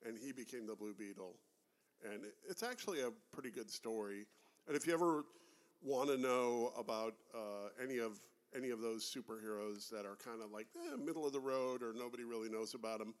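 A man co-hosting a casual podcast, explaining things in a relaxed, rambling way. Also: fairly low pitch. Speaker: podcast co-host.

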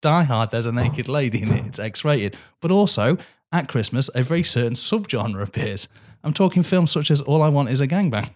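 Male podcast co-host, mid-pitched voice, rude quick-witted banter with lots of swearing. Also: lively intonation. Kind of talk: casual comedic chat.

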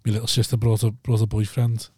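Thirties man, podcast host, rapid storyteller who swears a lot, dry sound. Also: lowish voice, completely flat delivery, warm tone, breathy edge, dry recording. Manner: swears a lot, tells stories acting out others' lines. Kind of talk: casual chat.

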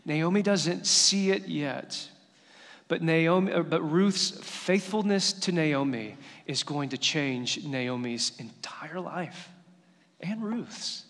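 A man's voice: on the high side, takes it slowly, a bit bright, long reverb tail. A male pastor giving a sermon, telling stories in an earnest, conversational way.

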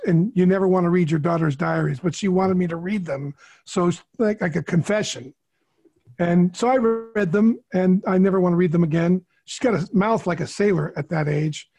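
Middle-aged guy on a podcast, husky fairly high voice, earnest, stumbles over words. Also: a little mellow. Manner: earnest, repeats words when emotional. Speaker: podcast co-host. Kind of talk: candid storytelling.

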